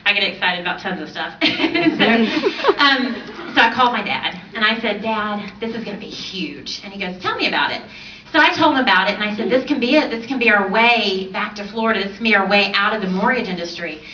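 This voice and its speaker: A woman in her thirties telling her personal story to an audience on a stage, animated and often laughing. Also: medium pitch, fairly quick. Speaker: conference speaker. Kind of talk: personal success story speech. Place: large event stage. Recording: roomy, distant, dull, slightly noisy.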